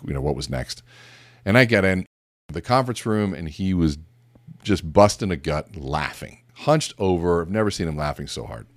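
A middle-aged man with a very deep voice gives a motivational leadership talk in a direct, emphatic way, mixing advice with casual asides and stories. He sits indoors, and his voice sounds dry and close, with almost no room. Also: no room sound. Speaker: business speaker on leadership. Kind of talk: conversational motivational talk with storytelling. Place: seated indoors.

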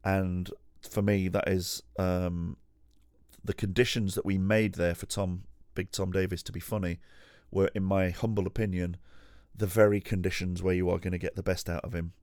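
A man's voice: deep voice, little pitch movement, moderate pace, darkish tone, clear, resonant tone, dry recording, clean studio sound. A man hosting a podcast alone, telling a rambling, sweary, self-deprecating anecdote full of restarts and asides. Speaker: podcast host. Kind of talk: casual storytelling monologue. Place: at home.

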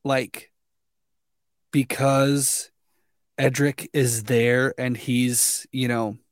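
A man's voice: medium pitch, flat delivery, extremely slow, no echo, clean studio sound. Rambling young man in casual chat. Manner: rambling, many likes and restarts. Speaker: podcast co-host.

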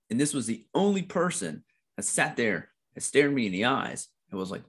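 A man's voice: medium pitch, expressive, brisk, a bit bright, husky. A middle-aged American man telling a personal story in a candid conversation, blunt and profane, often repeating himself.

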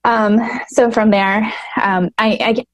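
A woman's voice: medium pitch, steady tone, no echo. A young adult woman, a podcast guest, telling a personal story in a casual, emotional way with many fillers. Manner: emotional, fast, filler-heavy retelling.

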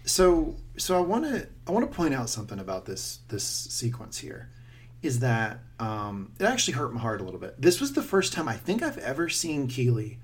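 A man co-hosting a podcast, chatting casually in a rambling, animated and self-deprecating way, quick to laugh. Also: mid-range voice, breathy edge. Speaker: podcast co-host. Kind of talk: casual chat.

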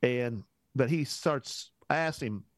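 A pastor tells a story casually during a podcast conversation, speaking slowly in a mid-range voice with no room sound. He's an animated storyteller who acts out the dialogue, says "man" often and restarts his sentences.

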